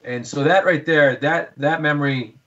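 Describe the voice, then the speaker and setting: A man's voice: fairly high pitch, normal speed, bright, forceful tone. A middle-aged man, a guest on a hunting podcast, telling stories with enthusiasm and many restarts. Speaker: guest, hunter. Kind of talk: casual storytelling. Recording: dull lo-fi sound.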